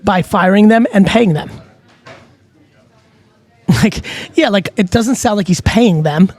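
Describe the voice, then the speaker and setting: A man's voice: high-pitched, takes it slowly, a little mellow. Blunt, profane middle-aged man. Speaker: host. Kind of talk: casual advice talk.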